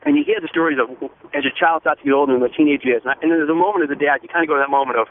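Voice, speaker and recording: A man eagerly telling a proud story as a phone-in guest, earnest and rushing, restarting his sentences. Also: on the high side, very animated, creaky. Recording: tinny phone line with faint noise.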